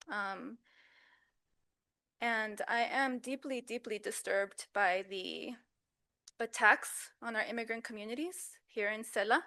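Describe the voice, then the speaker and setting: A woman's voice: a little high, pushed and bright. A woman from Southeast Los Angeles giving an emotional public comment at a council meeting, earnest and pleading, with frequent ums. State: emotional, voice wavering at times.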